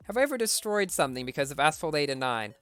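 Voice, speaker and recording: Male game streamer, fairly high and smooth, dry close sound, faint game music behind, casual chat Q&A. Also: sing-song, quick pace, fairly bright tone, no room sound. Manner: reads viewer questions aloud and answers briefly.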